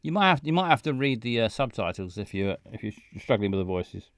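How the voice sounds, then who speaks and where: A man's voice: fairly low pitch, very animated, a little fast, no echo. A man rambling and stumbling through casual live game stream commentary on a close mic. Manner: rambling, stumbling, self-mocking.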